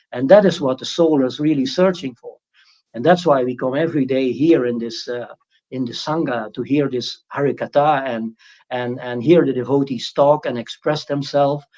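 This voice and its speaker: A man's voice: fairly high pitch, a little mellow, highs cut off. Man giving a rambling spiritual talk. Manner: rambling, frequent restarts, mocking impressions of critics. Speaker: spiritual teacher. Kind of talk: informal spiritual talk on a livestream.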